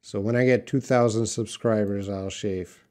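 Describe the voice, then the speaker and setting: A man teaching English on a live stream, reading out viewers' questions and explaining words slowly and patiently. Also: lowish voice, steady tone, a little mellow. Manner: slow, patient, drawn-out explanations; reads viewer questions aloud. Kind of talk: live-stream English class answering chat.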